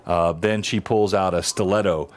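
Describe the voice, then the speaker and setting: Low-voiced man narrating as game master. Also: steady tone, normal speed, a little hiss or hum. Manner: descriptive, with frequent uh fillers.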